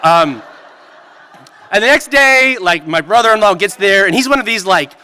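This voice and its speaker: A man performing a live story on stage into a microphone, animated and full of "like". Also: high-pitched, moderate pace, clear, resonant tone. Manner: animated, peppered with "like". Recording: long reverb of a venue hall.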